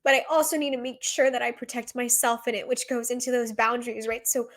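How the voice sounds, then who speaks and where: A young woman in her twenties talks on her own podcast in a slightly high voice. She sounds earnest and reflective and keeps asking herself questions as she works through her thoughts. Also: little pitch movement, quick pace. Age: 20s. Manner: earnest, reflective, uses many rhetorical questions. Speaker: podcast host. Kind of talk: solo podcast talk.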